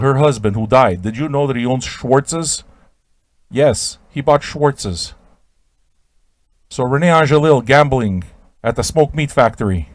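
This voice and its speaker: On his radio show, a male host stammers and rambles through an off-the-cuff, absurd comic tale, breaking into abrupt shouts. His voice sits at medium pitch, and there's no room sound.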